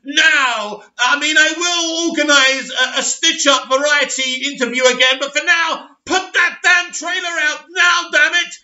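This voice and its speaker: A man's voice: very high voice, expressive, drawn-out words, few pauses, bright, forceful tone, voice pushed up, exaggerated voice. A man putting on the voice of a panicking female studio executive who shrieks orders at her staff and repeats her commands. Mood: frantic, bossy. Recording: roomy, dull lo-fi sound.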